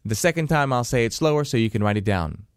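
Animated man coaching with questions. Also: mid-range voice, fast talker, clean tone, dry recording, clean studio sound. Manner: animated, asks the listener questions. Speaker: self-help coach. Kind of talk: motivational teaching talk.

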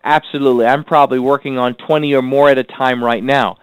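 A man teaching a recorded goal-setting lesson, asking rhetorical questions and repeating key lines slowly for emphasis. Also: medium pitch, fairly even intonation, clear, resonant tone, dry recording, rough recording. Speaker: self-improvement teacher.

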